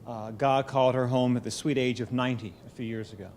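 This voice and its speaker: Measured man giving a speech. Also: mid-range voice, steady tone, slight background noise. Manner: measured, storytelling, gently humorous. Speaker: keynote speaker. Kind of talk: formal speech at a podium. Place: college event hall.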